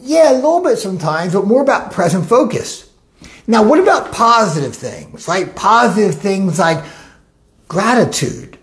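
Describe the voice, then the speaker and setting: A life coach giving a motivational talk, animated and acting out the inner voices of listeners. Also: mid-range voice, moderate pace.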